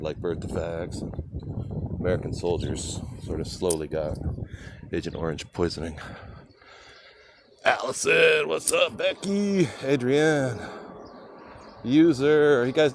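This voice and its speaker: Older man, low voice, rambling livestream chat, walking outdoors, faint street noise. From California. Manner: rambling, chatty, reads out viewer names. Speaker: livestream host.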